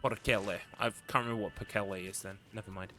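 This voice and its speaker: A man's voice: on the low side, steady tone, fast talker, pushed and bright, faint music behind. Swearing man streaming a game. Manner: chatty, swears casually, greets chat. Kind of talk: casual gameplay commentary.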